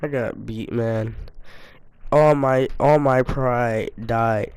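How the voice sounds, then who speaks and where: A young man telling a casual story to his viewers, animated and self-mocking, full of slang. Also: mid-range voice, slow, smooth, dry recording. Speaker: storytime YouTuber.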